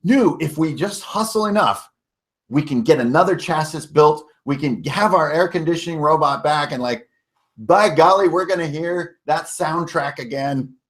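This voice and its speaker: A male game master recapping a tabletop adventure for his players, his voice sitting a bit on the high side. He tells the story casually, correcting himself mid-sentence and dropping in the odd swear word. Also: normal speed.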